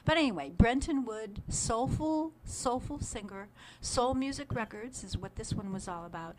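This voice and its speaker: A woman's voice: mid-range voice, expressive, normal speed, darkish tone, slight background noise. An older woman co-hosting a radio show in a studio, chatting casually and laughing often while sharing music trivia. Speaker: radio host. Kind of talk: casual on-air chat.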